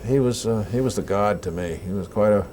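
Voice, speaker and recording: An older actor being interviewed, telling animated anecdotes and acting out the lines people said to him. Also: male voice, on the low side, brisk, slight background noise. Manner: animated anecdotes with acted-out quotes. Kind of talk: casual interview storytelling.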